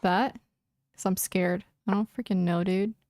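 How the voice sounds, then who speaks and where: A woman's voice: medium pitch, steady tone, a little slow, darkish tone, dry recording, clean studio sound. A young woman streaming chess, muttering anxious, casual commentary to herself and repeating words as she plays. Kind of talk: casual live-stream commentary while playing.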